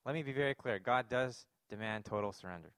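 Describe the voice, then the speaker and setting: A man's voice: medium pitch, fast, fairly bright tone, smooth, dry recording, clean studio sound. A man preaching a sermon, earnest and emphatic, posing rhetorical questions to his congregation. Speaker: pastor.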